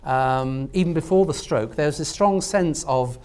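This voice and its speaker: At a university event, a man with a fairly high, smooth, darkish voice speaks at a moderate pace as a literary scholar on an academic panel. He sounds hesitant, with many fillers and restarts, in a lecture room.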